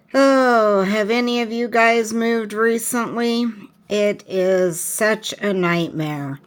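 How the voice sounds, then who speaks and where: Slow-talking chatty woman vlogger. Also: medium pitch. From Washington State, US. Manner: chatty, rambling with many fillers and restarts; slow, unhurried talk. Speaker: planner vlogger. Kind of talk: casual chat while planning.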